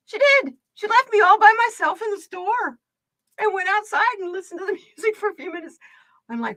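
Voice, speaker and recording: A middle-aged woman from the United States chatting casually with her stream viewers, telling animated stories and laughing often. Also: high-pitched, fairly quick, no echo. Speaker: livestream card reader host. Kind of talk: casual storytelling chat.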